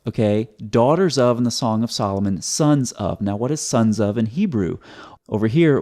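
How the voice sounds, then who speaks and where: Male video host, mid-pitched, methodical explainer with a dry sarcastic edge and frequent restarts. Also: warm tone. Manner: sarcastic, methodical, repeats words. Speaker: video commentator.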